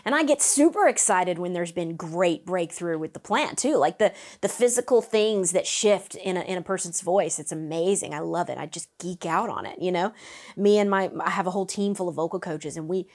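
Energetic woman vocal coach. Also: lowish voice, moderate pace. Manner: animated and upbeat, breaking into vocal demonstrations. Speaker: vocal coach, interview guest. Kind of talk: lively interview conversation. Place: Nashville.

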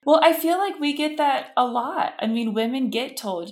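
A woman in her thirties hosting a podcast, talking candidly and animatedly, quick to laugh. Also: high voice, expressive. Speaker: podcast host. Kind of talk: casual interview chat.

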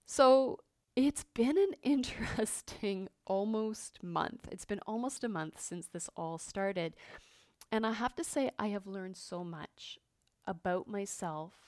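A podcast host in her fifties, with a mid-range, slightly mellow voice, tells a personal story candidly and reflectively, full of fillers and restarts. The sound is clean studio audio with no echo.

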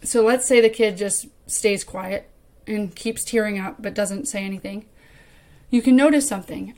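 A woman's voice: medium pitch, normal speed, darkish tone. A woman who trains youth mentors, teaching in a casual, conversational way and acting out example phrases. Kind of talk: casual instructional talk.

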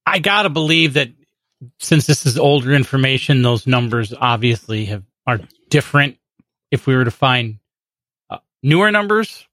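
Bright-voiced man agreeing on a podcast. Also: medium pitch, animated, dry recording, clean studio sound. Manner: measured, agreeable, hesitant restarts. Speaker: podcast co-host. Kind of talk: casual tech podcast chat.

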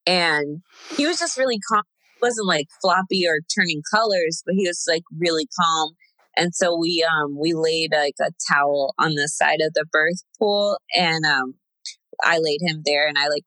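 A woman's voice: low voice, sharp tone, dry recording, poor audio. A young woman chatting casually as a guest, telling a personal story with lots of fillers and laughs. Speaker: guest sharing a birth story.

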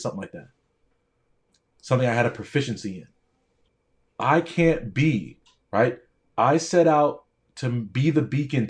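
A man in his thirties delivers a fired-up motivational talk in the voice of a doctor coaching pre-med students. He stresses words slowly and deliberately, then rushes through quick asides. His pitch sits in an ordinary middle range for a man. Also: a little mellow. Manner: emphatic, preaching cadence with repetition. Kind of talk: motivational speech to camera.

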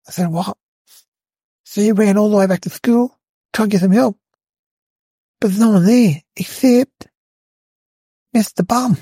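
A man voicing an excitable, rambling young schoolboy, telling a comedic story. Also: sits high, measured pace, long pauses, husky, no room sound, exaggerated voice. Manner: breathless rambling storyteller, lots of "like" and "guys".

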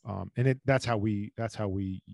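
Man, podcast host, low voice, dry sound, chatty, animated. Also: moderate pace, vocal fry, no echo. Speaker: podcast host, physical therapist. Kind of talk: casual podcast interview.

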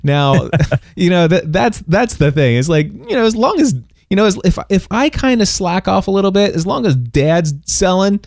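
Storytelling man with a mellow voice. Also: sits high, moderate pace, creaky, no echo, studio quality. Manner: animated storytelling with many restarts and laughs. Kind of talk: casual testimony chat.

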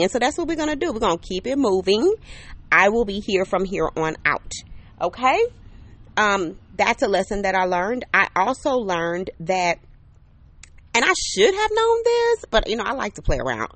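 Her mid-range, somewhat bright voice swings widely in pitch at a moderate pace, in a dry recording. She hosts her own podcast outdoors on a patio under an umbrella, a neighbor's AC humming nearby, chatting upbeat and casually on her own and talking straight to listeners with frequent "okay?" and "right?".

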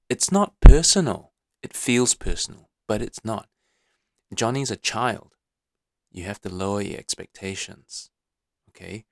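A man's voice: on the low side, gravelly, no echo, studio quality. A man hosting a motivational podcast, coaching listeners, repeating his points and often checking in with "okay?". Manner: many fillers and restarts. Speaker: podcast host.

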